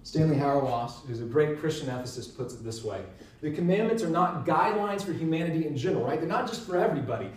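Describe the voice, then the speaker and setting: A man teaching in an earnest, emphatic way, often checking in with a quick "right?". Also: on the high side, lively intonation, a little hiss or hum. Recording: roomy sound, mic at a distance.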